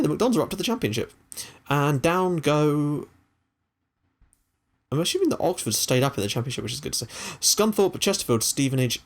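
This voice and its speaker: A young man hosting a gaming channel, chatting casually and excitably over his game, with the odd swear. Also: medium pitch, slightly rough.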